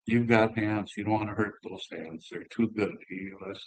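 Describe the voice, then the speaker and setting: A man's voice: on the low side, moderate pace, gravelly, no echo, low-quality recording. Older guy, upper midwest accent, rambling easygoing hockey stories, dry close sound. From northern Minnesota. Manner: relaxed, rambling anecdotes. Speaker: interview guest, former hockey player. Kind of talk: casual conversational storytelling.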